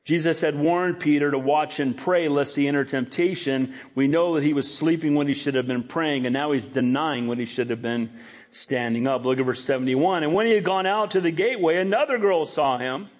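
Animated male preacher. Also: fairly high pitch, brisk. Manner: animated preaching, acts out scripture quotes in a raised voice. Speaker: pastor. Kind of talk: sermon.

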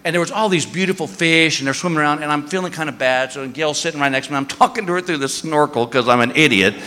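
High bright-voiced guy doing stand-up, jumpy lively delivery, big hall echo. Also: quick pace, slight background noise. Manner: animated, acting out shrieks and voices. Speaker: stand-up comedian. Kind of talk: stand-up storytelling. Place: large hall on stage. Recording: echoey hall reverb.

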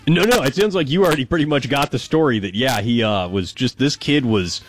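Amused co-host with a mid-pitched voice. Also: male voice, a little fast. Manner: relaxed, amused, laughs while telling stories. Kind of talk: casual news commentary.

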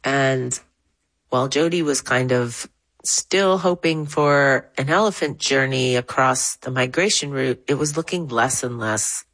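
A woman, a writer, telling an animated first-hand story with soft music behind. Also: unhurried, no room sound, poor audio. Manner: animated, rising pitch when excited. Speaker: interviewee. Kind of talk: storytelling in an interview.

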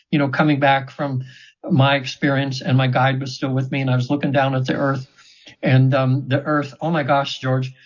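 A man's voice: mid-range voice, husky. A man in his seventies, a guest in an interview, telling stories earnestly and ramblingly with many restarts. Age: 70s. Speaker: interview guest, trance session practitioner. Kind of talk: casual storytelling in an interview. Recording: dull, slightly lo-fi audio.

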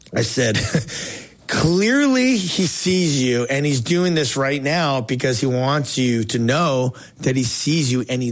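A man hosting a faith talk show, telling a story in a casual, excited way with slang and frequent restarts. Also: medium pitch. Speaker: talk show host and evangelist.

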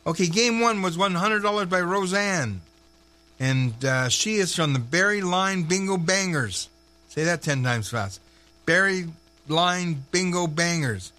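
Man, local radio host: chatty, wry asides, bright and forward tone. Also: high-pitched, lively intonation, unhurried. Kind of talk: casual radio chat with announcements.

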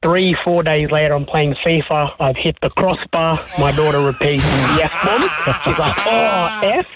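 A man's voice: fairly high pitch, fairly even intonation, moderate pace, over a noisy crowd. A man calling in to a radio show, eagerly telling a story. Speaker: caller. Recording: dull phone line.

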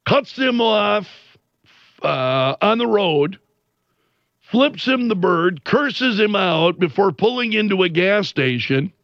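A man with a high-pitched voice talks through the news in an unhurried, deliberate way, retelling an incident with lively emphasis. The recording is dry and a little muffled. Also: creaky, no room sound. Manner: animated, retells quotes with censored swearing. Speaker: commentator. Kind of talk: casual news commentary.

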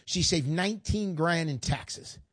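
A man's voice: on the high side, a little slow, dry recording, clean studio sound. An older man hosting a call-in radio show, chatty and folksy, getting emotional as he talks.

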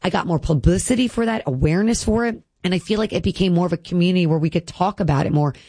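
A woman's voice: on the low side, fast, dark tone, dry recording. A woman in her thirties, a guest speaking earnestly and emotionally about her health, with many "like" fillers. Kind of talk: candid personal interview.

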